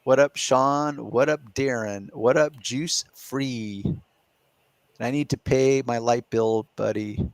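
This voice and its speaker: A middle-aged man hosts a relaxed live Q&A, walking through his reasoning step by step. His voice sits at an ordinary middle pitch and sounds close and dry, with no room echo around it. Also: slow. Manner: explains step by step, reasoning aloud. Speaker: podcast host. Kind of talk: casual live Q&A chat.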